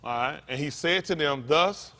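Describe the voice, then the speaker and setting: A man preaching an interactive sermon, calling out to his congregation in with a lively, animated manner. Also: a little high, normal speed. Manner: animated, calls out to the congregation, folksy vernacular. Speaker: pastor.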